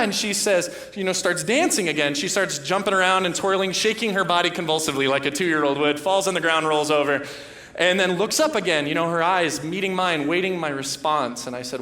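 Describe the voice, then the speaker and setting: Guy pastor in his 30s preaching, bit high voice, tells stories and does his kids' voices, roomy echo. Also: fast, sharp tone. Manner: storytelling, acts out his children's voices. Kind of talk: sermon. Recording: echoey church hall.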